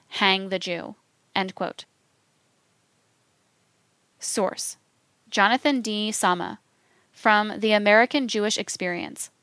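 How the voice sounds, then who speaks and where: Female reader for a scripted read: slow, deliberate, even, crisp tone, dry close recording. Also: mid-range voice, no room sound. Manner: measured, even, deliberate delivery. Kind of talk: scripted reading of quotations.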